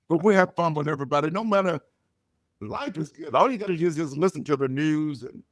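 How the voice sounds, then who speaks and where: Older comedian guy, punchy loud jokes, slightly high voice, dry sound. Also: quick pace, dry recording. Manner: loud punchy joke delivery, animated storytelling. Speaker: comedian guest. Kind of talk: storytelling comedy chat.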